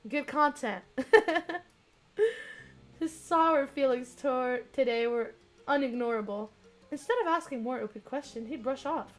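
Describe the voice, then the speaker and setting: A young woman in her twenties streaming herself reading a dating game aloud, giggly and excitable, her voice strained and cracking. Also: sits high, unhurried, long pauses, faint music behind. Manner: giggly, excitable, chats with viewers.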